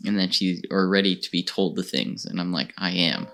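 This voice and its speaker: Rambling, laughing gaming host, lowish voice. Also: male voice, brisk. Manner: rambling, animated storytelling with frequent laughs. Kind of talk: casual gameplay recap.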